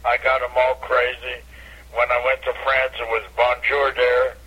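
An older man, a comedian, telling animated stories from his career in a casual radio interview over a phone line. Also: measured pace, husky. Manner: animated anecdote teller, bursts into high catchphrase. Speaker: comedian guest.

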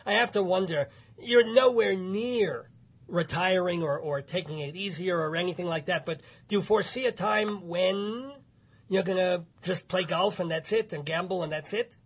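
A male radio host in casual interview chat, reacting quickly with laughs and apologetic asides. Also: high-pitched, husky.

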